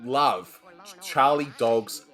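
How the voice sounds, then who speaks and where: A man hosting a casual podcast chat, enthusiastic and quick to laugh. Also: mid-range voice, over loud music. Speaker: podcast host.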